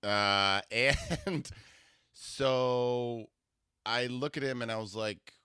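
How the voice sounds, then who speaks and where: A man's voice: medium pitch, very slow, clear, resonant tone, no echo, clean studio sound. A man hosting a comedy podcast, telling a rambling story with lots of restarts. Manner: rambling, animated, full of fillers and restarts.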